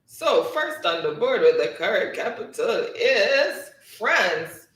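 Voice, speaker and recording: A man's voice: high voice, big pitch swings, slow, fairly bright tone, distant mic. A man hosting a live trivia stream, chatting casually, reading viewer comments aloud and often breaking into laughter. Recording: roomy sound, voice set back from the mic.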